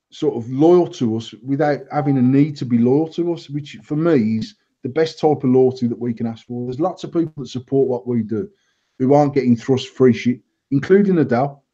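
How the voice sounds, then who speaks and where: Medium in pitch and normal in pace, a man tells blunt stories laced with swearing, keeping things lively. He's the host of a casual banter show and runs a vape company, captured in dull lo-fi live stream audio.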